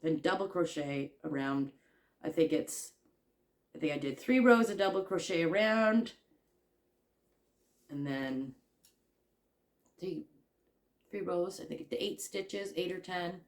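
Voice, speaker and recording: A woman's voice: lowish voice, lively intonation, slow, pauses often. A woman crochet vlogger chatting casually, rambling and joking at her own expense. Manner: rambling, chatty, self-deprecating.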